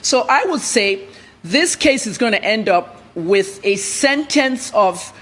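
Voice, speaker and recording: A woman journalist speaks bluntly and with emphasis, answering an interviewer's questions. Her voice has a husky, slightly breathy texture, and her pitch sits right in the middle for a woman. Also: expressive, takes it slowly, a bit bright.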